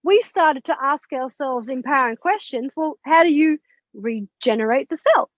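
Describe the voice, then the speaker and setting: A woman telling a personal story as a podcast guest, animated and candid, with swearing and laughter. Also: high-pitched, a little slow, no room sound. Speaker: podcast guest, spiritual mentor. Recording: dull lo-fi, dry sound.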